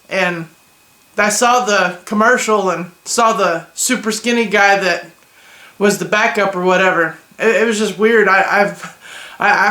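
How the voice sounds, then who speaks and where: A man's voice: high-pitched, sharp tone, roomy sound. A young man giving opinionated, joking reactions in a casual, slangy vlog. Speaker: vlogger.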